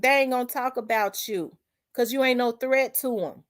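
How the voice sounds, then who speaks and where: A woman's voice: medium pitch, normal speed. An emphatic woman speaks to her channel audience in a preaching style. She repeats herself for emphasis and quotes scripture. Her speech is casual and colloquial. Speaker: channel host. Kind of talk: emotional preaching-style monologue.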